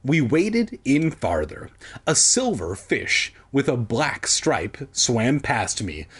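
A man's voice: mid-range voice, big pitch swings, takes it slowly, husky. A man reading a kids' book aloud for laughs, breaking off into profane, self-deprecating asides.

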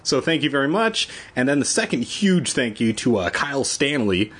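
Male podcast host, husky and lively, rambling and profane, casual read-aloud chat. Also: mid-range voice, moderate pace. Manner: profane, rambling asides, jokey.

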